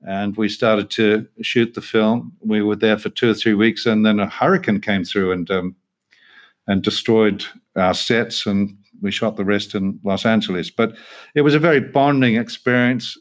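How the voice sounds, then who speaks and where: A man's voice: lowish voice, fairly even intonation, moderate pace. A man, an actor being interviewed, telling stories in a self-deprecating, hesitant way with frequent laughs. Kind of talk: relaxed interview storytelling.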